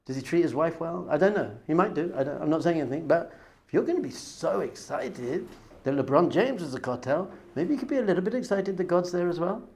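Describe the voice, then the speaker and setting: A rabbi giving a Torah class, animated, acting out other people's voices with gasps and whispers. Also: male voice, fairly high pitch, brisk, vocal fry. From not American.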